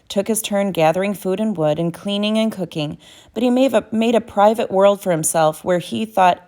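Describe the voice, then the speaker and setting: A woman's voice: mid-range voice, warm tone. A woman narrating a novel as an audiobook, reading steadily with small self-corrections.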